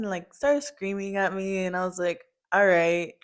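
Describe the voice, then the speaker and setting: A woman's voice: medium pitch, normal speed, hardly any pauses. A young woman telling her mother a family story in casual chat, full of "like" and "um" fillers.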